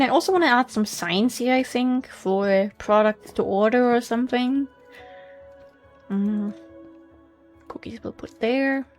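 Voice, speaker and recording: A woman's voice: on the high side, a little mellow. A woman with a slight German accent, thinking aloud as she hosts a casual gameplay commentary, musing and hesitant. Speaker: let's play host.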